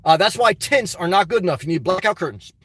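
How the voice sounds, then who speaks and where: A man live-streaming a casual vlog, reading comments aloud and answering them in an animated, repetitive, exclamatory way. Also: high-pitched, quick pace, husky, no echo. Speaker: YouTube vlogger answering live chat.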